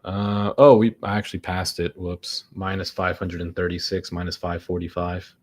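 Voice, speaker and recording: A young man with a fairly low voice talks through his trades live, and he keeps muttering and swearing about picking the wrong way. He sounds worn down and exasperated as the losses pile up. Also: little pitch movement, normal speed, darkish tone. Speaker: day trader streaming live. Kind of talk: frustrated live commentary.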